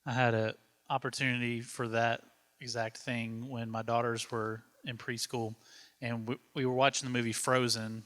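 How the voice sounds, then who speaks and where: A man with a bright, forceful voice tells a parenting story in an easy, conversational way. Long hall reverb trails his words in the church space. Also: medium pitch, flat delivery, moderate pace. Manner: conversational, with fillers. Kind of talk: church panel discussion.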